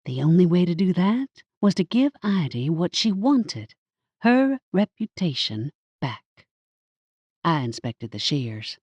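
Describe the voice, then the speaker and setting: A woman with a low voice narrates a first-person audiobook, taking her time with a measured, wry delivery. Her pitch rises and falls with a lot of expression. The close studio recording is dry. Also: very animated, a little mellow, husky, no echo.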